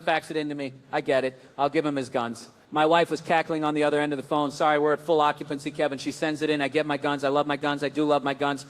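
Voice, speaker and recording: Guy rattling off a funny story super fast, lots of swearing, high-ish voice. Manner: profane, animated, acts out other people's voices. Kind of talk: comedic storytelling.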